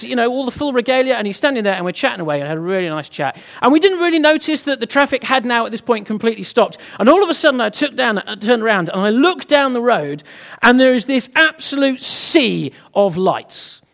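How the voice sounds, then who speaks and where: A man's voice: extremely high pitch, fairly bright tone. A British man preaching a sermon, telling a humorous personal story to the congregation in a chatty way. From Britain. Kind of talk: sermon with anecdote.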